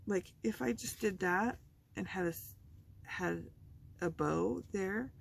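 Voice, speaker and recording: A woman's voice: mid-range voice, takes it slowly, creaky, a little hiss or hum. A woman hosting a craft video, chatting casually and thinking aloud as she works at her table. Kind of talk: casual chat while crafting.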